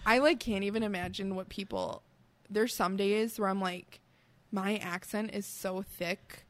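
A woman's voice: mid-range voice, fairly even intonation, measured pace. A woman co-hosting a podcast in casual chat, rambling and filling nearly every phrase with "like". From American Midwest. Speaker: podcast co-host.

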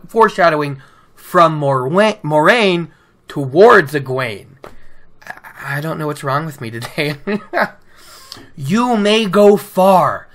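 A woman's voice: low voice, fairly bright tone. A woman casually retelling and picking apart a book chapter, chatty, with many stammered restarts. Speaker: book discussion host.

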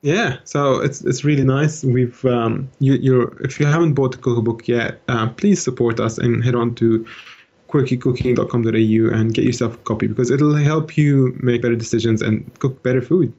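A man's voice: mid-range voice, fairly even intonation, normal speed, a little mellow, highs cut off. A man co-hosting a casual podcast, joking and stumbling through fillers and restarts. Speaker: podcast co-host. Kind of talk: casual chat.

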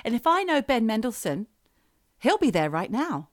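A woman's voice: fairly high pitch, big pitch swings, moderate pace, no echo, clean studio sound. A woman co-hosting a podcast in casual, playful chat, teasing her co-host.

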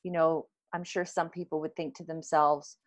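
A woman's voice: low voice, little pitch movement, normal speed. A woman hosting a podcast, asking her guest questions and reacting with emotional exclamations. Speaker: podcast host. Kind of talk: interview questions.

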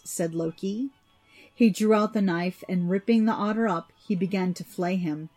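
Woman reading a story, soft music behind. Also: mid-range voice, moderate pace. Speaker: narrator.

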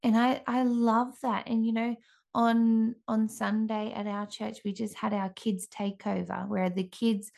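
A woman in her thirties, a mother, giving an earnest, gentle devotional talk with frequent restarts. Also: fairly high pitch, fairly even intonation, a little slow, gravelly.

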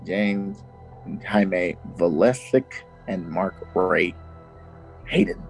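A man's voice: sits low, very slow, creaky, faint music behind, rough recording. A man hosting a true-crime podcast who tells the story in a casual, jokey way and laughs easily. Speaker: podcast host telling the story. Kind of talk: casual chat.

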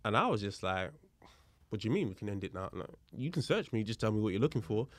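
Quick-paced and lowish in pitch, the officer's voice comes through with no room sound. As a podcast guest he relates an incident casually, bringing both sides of the dialogue to life and clarifying the law involved.

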